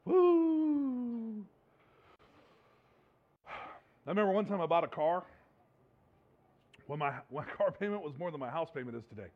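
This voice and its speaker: A man's voice: on the high side, animated, fairly quick, pauses often. A man preaching a sermon as a pastor, in a conversational, humorous way, laughing often. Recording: dull lo-fi recording.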